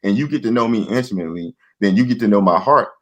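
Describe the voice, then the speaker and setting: A man's voice: lowish voice, expressive, quick pace. A middle-aged man, a guest in a casual chat, giving earnest advice and acting out bits of dialogue. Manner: earnest, preachy, acts out dialogue.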